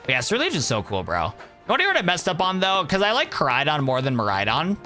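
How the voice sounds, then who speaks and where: Laid-back young man streaming, bright voice. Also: a little high, wildly swooping pitch, quick pace, soft background music. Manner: rambling, laid-back, calls chat "bro". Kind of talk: casual live-stream chat.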